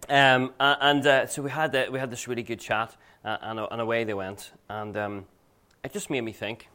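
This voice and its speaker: A man's voice: medium pitch, flat delivery, moderate pace, pushed and bright, clear, resonant tone. A male pastor preaching a sermon in a conversational, earnest way, weaving in personal stories.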